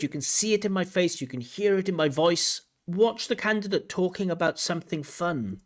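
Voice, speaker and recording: A man teaching as an examiner, breaking down a recorded speaking test with analytical commentary and lively intonation. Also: high voice, moderate pace, hardly any pauses.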